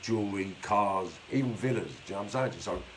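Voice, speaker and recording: Bloke, lowish voice, swearing nonstop, telling stories off the cuff on a live stream. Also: male voice, fast talker, slight background noise, poor audio. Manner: blunt, heavy swearing, streetwise slang. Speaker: live-stream host telling his life story. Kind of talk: casual storytelling monologue. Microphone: phone or webcam for a live stream.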